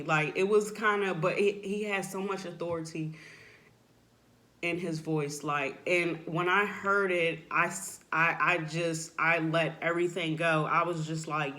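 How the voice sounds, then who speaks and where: A woman giving a heartfelt, unscripted faith testimony. She speaks earnestly and haltingly, often filling pauses with "like" and "you know," and turns emotional and soft at times. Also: deep voice, steady tone. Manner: emotional, voice drops softly at times. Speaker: person sharing a faith testimony.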